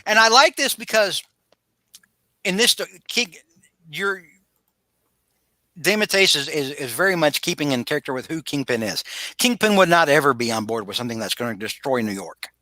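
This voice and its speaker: A man co-hosting a casual podcast retells a story with animated energy, acting out quotes and restarting often as he stumbles. His fairly high voice is bright and forward, at a moderate pace with frequent pauses. The sound is dry and close, with no room sound.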